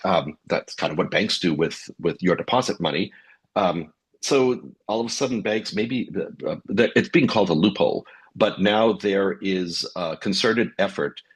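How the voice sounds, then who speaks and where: A man as a guest on a fintech podcast, explaining in a measured way, with many ums and uhs. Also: deep voice, slightly rough. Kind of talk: casual podcast conversation.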